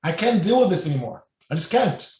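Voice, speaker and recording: Man retelling a fed-up woman, halting. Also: fairly low pitch, big pitch swings, warm tone. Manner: halting, repeating herself. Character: exasperated woman fed up with her husband. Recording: echoey room, mic at a distance.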